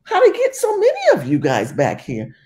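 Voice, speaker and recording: A woman's voice: deep voice, wildly swooping pitch, moderate pace, warm tone, pitched below the performer's own voice. A woman voicing a stunned female restaurant owner who cries out in disbelief. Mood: panicked.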